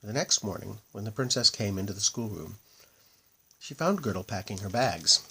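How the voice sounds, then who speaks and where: A man reading a children's fairy tale aloud in a lively, expressive way. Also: fairly low pitch, moderate pace, vocal fry, slight background noise. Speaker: storyteller.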